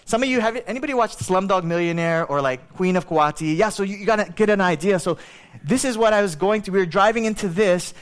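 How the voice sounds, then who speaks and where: A man preaching a sermon, telling a story in a chatty, animated way with many fillers. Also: high-pitched, fast, clear, resonant tone. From Hawaii. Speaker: pastor.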